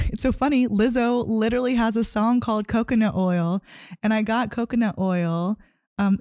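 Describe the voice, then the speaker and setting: Young woman, podcast host, gushing casual chatter, mellow tone, dry close sound. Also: mid-range voice, dry recording. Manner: giddy, gushing, heavy use of "like". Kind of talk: casual solo podcast chat.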